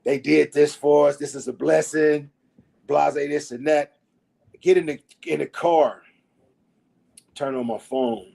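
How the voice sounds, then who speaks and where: A middle-aged man with a slightly high, husky voice that sits on the warm, dark side. He tells his stories loudly and profanely, jumping up and down in pitch whenever he acts out someone else's words. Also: a little slow, pauses often, rough recording. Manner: animated and profane, acting out quotes with big pitch swings. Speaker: podcast guest. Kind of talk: casual storytelling.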